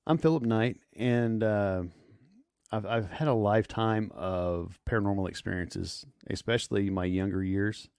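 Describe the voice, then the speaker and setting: Man in his forties, from Kansas, low voice, smooth and resonant, dry close sound. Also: darkish tone, no room sound. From southeastern Kansas. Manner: measured, with frequent "uh" fillers. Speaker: guest storyteller. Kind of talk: casual spoken storytelling.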